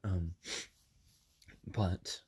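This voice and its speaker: Recording in a bedroom cushioned with soft items, a podcast host in his twenties tells a story casually while a little under the weather. He talks extremely slowly, with many ums and corrections of himself along the way.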